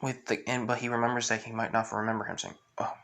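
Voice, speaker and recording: A man's voice: mid-range voice, flat delivery, quick pace, a bit bright. A man retelling a fan story in a rambling way, full of fillers.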